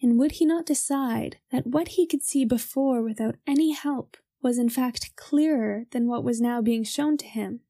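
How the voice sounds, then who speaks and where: A young woman reading a philosophy text aloud in a measured, formal way. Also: fairly high pitch, mellow, no echo, clean studio sound.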